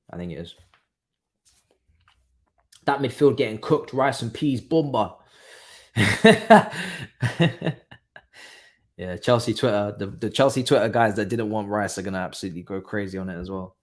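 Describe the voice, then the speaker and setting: A young man hosting a live football watchalong, talking casually and breaking into excited exclamations. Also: lowish voice, measured pace, pauses often. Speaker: watchalong host. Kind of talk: live match watchalong commentary.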